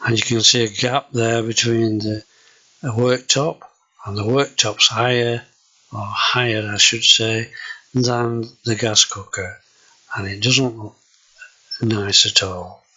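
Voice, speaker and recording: A man's voice: on the low side, fairly even intonation, bright, forceful tone, slightly rough, rough recording. An older man with a Yorkshire accent, hesitantly walking viewers through his kitchen in a casual home video. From Yorkshire, England. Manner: slow, hesitant, with many fillers. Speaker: vlogger.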